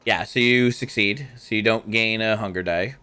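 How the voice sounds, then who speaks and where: A man's voice: lowish voice, normal speed, pushed and bright, smooth. A man narrating a tabletop game as game master, rambling with many fillers. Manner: rambling, lots of fillers and voiced asides.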